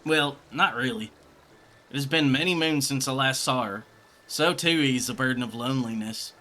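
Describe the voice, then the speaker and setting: A man's voice: medium pitch, normal speed, pushed and bright, a little hiss or hum, lightly acted. A man doing a drawling country swordsman. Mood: swaggering. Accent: put-on American country. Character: swaggering male wandering swordsman, flirty and boastful. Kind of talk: reading game dialogue aloud in voices.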